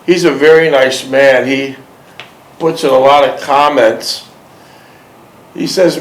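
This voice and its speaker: A man's voice: mid-range voice, fairly even intonation, slow pace, long pauses. A man hosting an interview, patiently asking questions and repeating them. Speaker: interviewer host. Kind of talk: casual interview. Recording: roomy echo.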